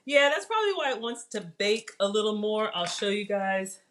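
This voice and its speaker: A woman's voice: medium pitch, big pitch swings, normal speed, a bit bright, slight background noise. A woman hosting a casual live cooking stream from her home kitchen, chatting animatedly with viewers. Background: cutlery and dish clatter.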